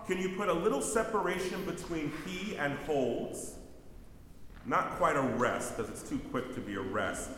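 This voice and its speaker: A man's voice: a little high, unhurried, a bit bright, a little hiss or hum. A man directing a choir rehearsal, counting in beats and singing example phrases between instructions. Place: rehearsal hall. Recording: roomy hall with long reverb, faint music.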